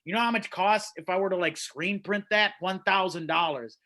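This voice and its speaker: A man's voice: sits high, a little fast, sharp tone. A man hosting an open mic over a video call, riffing and rambling through stand-up bits in a self-deprecating way from a small room at home. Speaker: open mic host and comedian.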